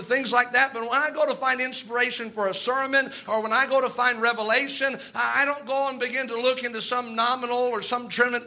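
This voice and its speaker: A man's voice: extremely high pitch, sharp tone. A male pastor preaching a sermon to his church in an emphatic, conversational way, with asides and restarts.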